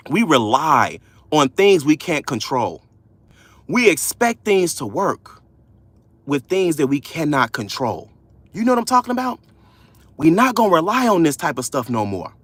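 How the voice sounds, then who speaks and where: A man coaching viewers on a livestream, loud, slangy and preachy, repeating key lines. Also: fairly high pitch, no echo. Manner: casual slangy speech. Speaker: credit coach hosting a livestream. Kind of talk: motivational livestream talk.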